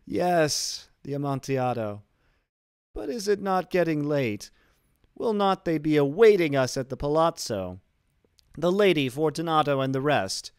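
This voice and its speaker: A trapped nobleman, voiced by a male reader, in a high, shrill, loud voice, cackling with forced merriment that cracks into panic. It sounds close and dry, as in a small treated room, with the words of a spoken classic story. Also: expressive, unhurried, smooth, dry recording. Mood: manic laughter. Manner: frantic forced cheer breaking into desperation. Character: walled-in nobleman, laughing wildly then pleading. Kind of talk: dramatic reading of a classic story.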